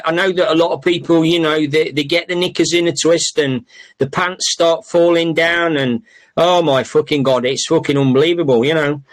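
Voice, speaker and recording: A man's voice: a little high, fairly bright tone. A middle-aged man hosting a podcast, telling casual stories with lots of fillers, restarts and swearing. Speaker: podcast host. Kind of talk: casual storytelling monologue.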